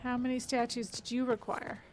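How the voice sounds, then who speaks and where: A woman's voice: on the high side, level tone, a little fast. A woman streaming a video game, chatting to herself and chat as she plays and laughing often. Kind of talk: casual let's-play commentary.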